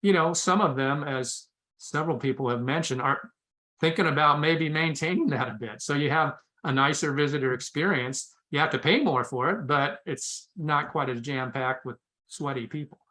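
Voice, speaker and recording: Brief: male panelist, bright tone, hesitant ad-lib answer. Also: fairly high pitch, moderate pace. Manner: hesitant, thinking aloud. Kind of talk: off-the-cuff answer.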